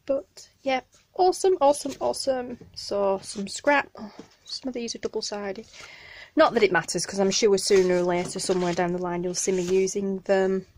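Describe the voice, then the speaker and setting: A woman with a Northern English accent chatting excitedly as she unboxes craft mail in her home craft room, gushing over each item and apologizing for the noise. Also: medium pitch, normal speed. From Northern England. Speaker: craft channel host. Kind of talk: casual unboxing vlog. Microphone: camera on a tripod.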